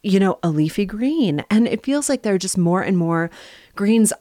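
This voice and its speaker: A woman's voice: medium pitch, expressive, normal speed, mellow, no room sound, studio quality. A woman in her forties from North Dakota, talking as a podcast guest in a candid, enthusiastic way. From North Dakota, USA. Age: 40s. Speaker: guest, health director. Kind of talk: casual podcast chat.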